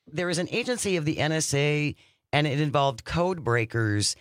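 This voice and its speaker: Talk radio host, dry close voice. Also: male voice, fairly high pitch, animated, moderate pace, no room sound. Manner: conversational, with station breaks and listener prompts.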